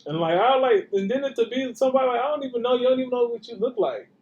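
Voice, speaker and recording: A man co-hosting a podcast in casual chat, relaxed and profane, often agreeing with his co-host. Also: very high-pitched, very fast. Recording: roomy, dull lo-fi recording.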